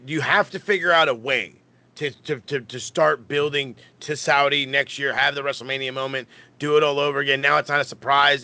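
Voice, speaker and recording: A man's voice: mid-range voice, bright, forceful tone, no room sound. A man co-hosting a casual wrestling podcast, rambling and swearing with lots of stammered restarts. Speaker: podcast co-host.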